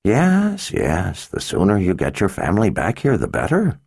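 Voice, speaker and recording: A man narrating an audiobook, voicing an old wizard who speaks slowly and gently, brushing off concern. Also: low voice, wildly swooping pitch, vocal fry, husky, heavily acted. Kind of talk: audiobook character voice.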